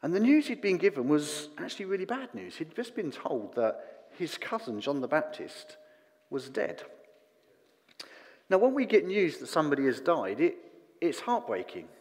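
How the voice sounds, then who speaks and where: A man giving a sermon in a relaxed, conversational way, with self-deprecating asides and fillers. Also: a little high, normal speed. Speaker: preacher. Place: church hall. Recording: long church reverb.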